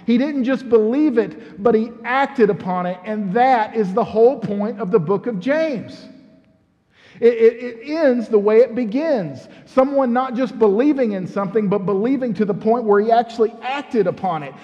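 A man's voice: very high-pitched, normal speed, long reverb tail, lo-fi sound. A man preaching a sermon in a conversational, storytelling way, asking the congregation questions as he goes. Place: church sanctuary.

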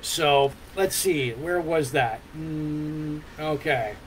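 A man's voice: on the high side, drawn-out words, slight background noise, low-quality recording. Rambling man hosting a podcast. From Ontario, Canada. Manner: loose, rambling, many fillers and hums, swears. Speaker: podcast host. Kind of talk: casual rambling chat.

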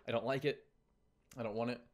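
A man's voice: medium pitch, steady tone, quick pace. A teenage guy telling a story to his viewers in a casual vlog. He sounds exasperated and rambles with frequent restarts. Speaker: YouTuber.

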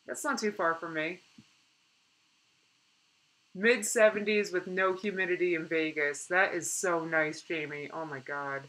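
A young woman chatting casually on a live stream, reading out viewer comments in an animated way and laughing often. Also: on the low side, unhurried, long pauses, poor audio.

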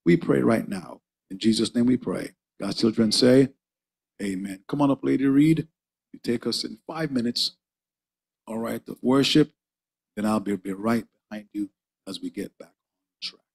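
A man's voice: mid-range voice, moderate pace, creaky, husky. A man preaching and praying fervently in a church, repeating "oh God" between phrases. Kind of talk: sermon and prayer. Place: church sanctuary.

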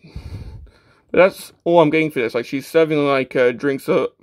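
At a measured pace, a man with a voice on the high side talks through a toy in an offhand way. He often stammers and restarts, leaning on "uh" to fill pauses, with a self-deprecating, plain-spoken manner.

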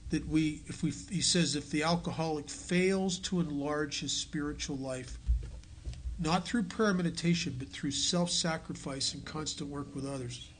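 A man speaks to a meeting about his recovery, telling his story in an earnest way and sinking to near quiet at the big moments. His voice sits a little high for a man. A faint hum of the room stays behind him. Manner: earnest storytelling, drops to a hush on key lines. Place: meeting hall.

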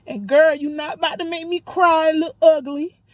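A woman's voice: sits high, steady tone, normal speed, dry recording, poor audio. A woman recording an affectionate, emotional get-well video message, close to tears.

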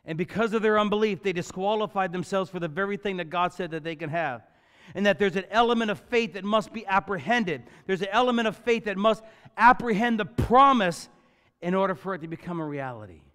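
A man preaching a sermon as the pastor, telling a Bible story in an animated way and acting out the characters with jokey asides. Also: high-pitched, fairly quick, smooth. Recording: church hall with long reverb.

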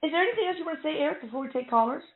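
Higher-voiced woman radio host on a thin line. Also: animated, very fast, a little hiss or hum. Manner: chatty, friendly greetings to callers. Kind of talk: live radio call-in hosting. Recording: phone-like line.

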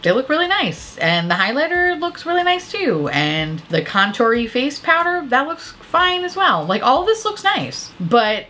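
Tipsy lady makeup vlogger cussing a lot, casual chat, bright ringing voice. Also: high-pitched, big pitch swings, normal speed, hardly any pauses, a little hiss or hum. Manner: candid, swears a lot. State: a little tipsy from drinking. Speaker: beauty vlogger reviewing makeup releases.

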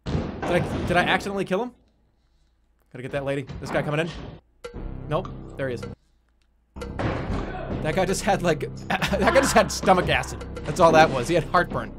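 A man's voice: on the high side, lively intonation, normal speed, pauses often. A man streaming a game, chatting casually, laughing and swearing often. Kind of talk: casual gameplay commentary. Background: loud game music.

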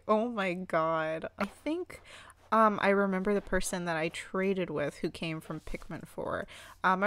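A young woman chatting casually over her gameplay, excitable, squealing and swearing at what happens on screen. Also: mid-range voice, no room sound. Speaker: gaming channel host.

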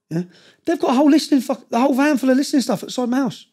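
Fast-talking intense man. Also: very high voice, lively intonation, darkish tone, breathy edge. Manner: intense, rapid, keeps checking in with "yeah?". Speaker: podcast guest. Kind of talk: storytelling in conversation.

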